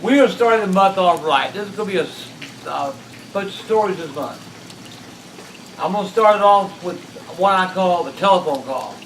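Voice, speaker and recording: A man's voice: high voice, expressive, moderate pace, a bit bright, a little hiss or hum. A man, telling stories in a folksy, plain-spoken drawl. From South Carolina. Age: 60s. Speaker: storyteller host. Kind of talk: casual storytelling. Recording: echoey room, mic at a distance, faint rain.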